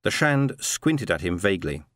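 A man narrating a science fiction story in a steady, measured reading. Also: low-pitched, no echo, clean studio sound. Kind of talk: audiobook narration.

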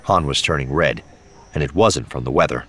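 A man narrating an audiobook in a measured, expressive way. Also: a bass voice. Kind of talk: scripted narration.

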